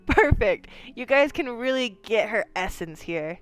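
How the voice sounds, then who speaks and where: A woman's voice: on the high side, lively intonation, normal speed, slight background noise. A woman streamer giving casual, rambling commentary while she plays, with lots of fillers, the odd swear word and easy laughter. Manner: laughs easily. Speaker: game streamer.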